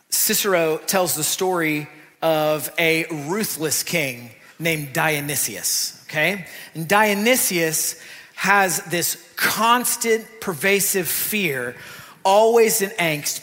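A man preaching a sermon in a church, talking in a lively, conversational way with asides to the congregation. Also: on the high side. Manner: animated, conversational preaching with asides and acted quotes. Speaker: pastor. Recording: long reverb of a church hall.

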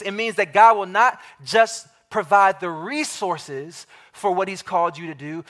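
A man with a high voice preaches to his congregation. He leans hard on repeated phrases, slows down to stress key words, and puts direct questions to the listeners. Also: a bit bright. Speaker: pastor. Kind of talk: sermon.

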